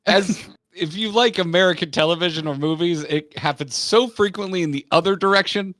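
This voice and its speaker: A man hosting a casual roundtable chat, rambling excitedly about a show he watched. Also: sits high, brisk, no echo, studio quality. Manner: rambling, restarts often, excitable fan talk.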